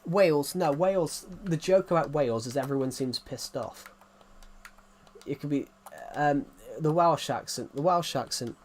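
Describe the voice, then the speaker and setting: Unhurried and slightly mellow, with a somewhat high voice, a British livestreamer talks casually and rambles through his opinions, restarting often.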